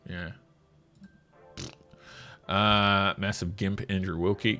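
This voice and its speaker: A man's voice: lowish voice, expressive, moderate pace, a bit bright. Sarcastic man, faint music. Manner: sarcastic and mocking, laughs often. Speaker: commentator reading social media. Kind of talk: casual commentary on a feed.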